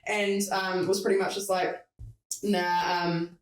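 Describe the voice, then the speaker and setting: The voice is medium in pitch, flat in delivery, and slow. It belongs to a podcast host chatting casually about something that happened at work, cursing freely and acting out what people said. A distant mic gives the recording a roomy sound.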